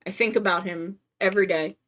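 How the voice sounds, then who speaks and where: A woman's voice: mid-range voice, fairly even intonation, brisk, fairly bright tone. A woman streamer chatting casually on a live stream, gushing and playful, with casual swearing.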